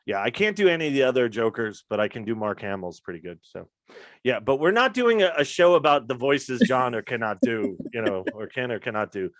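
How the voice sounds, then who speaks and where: A man's voice: medium pitch, big pitch swings, brisk, fairly bright tone, no echo. A middle-aged man hosting a casual chat show, telling stories and running himself down between impressions. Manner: self-deprecating, tells stories and slips into character impressions. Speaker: show host.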